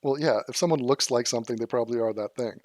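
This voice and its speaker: A man's voice: medium pitch, fast talker, a little mellow, slight background noise. A man from Los Angeles doing sarcastic, profane reaction commentary, mocking clips he reacts to. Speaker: commentary youtuber.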